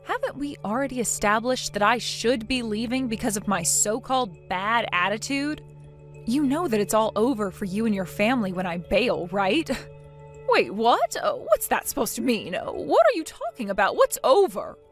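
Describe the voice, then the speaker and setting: A woman's voice: a little high, big pitch swings, moderate pace, soft background music. A woman reading both sides of a text-message quarrel as a scripted story, scornful and breaking into mocking laughter.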